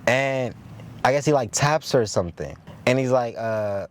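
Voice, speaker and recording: A man's voice: mid-range voice, normal speed. A young man hosting his own show, telling a story in a loose, profane, casual way, with restarts and frequent "you get what I'm saying?" checks. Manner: loose, profane, with repeated filler questions; animated, stumbling restarts when excited. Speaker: host.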